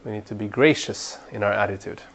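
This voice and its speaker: A man's voice: on the low side, fairly quick, vocal fry, a little hiss or hum. Earnest man teaching a training class. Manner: earnest, repeats words while building a point, grows animated when urging. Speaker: Bible study trainer.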